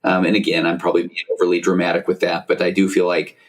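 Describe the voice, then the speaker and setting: A man's voice: low voice, monotone, fast. A middle-aged man, a therapist hosting a podcast, talking casually and rambling with lots of fillers and restarts. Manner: rambling, self-interrupting, frequent fillers. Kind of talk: casual conversational interview.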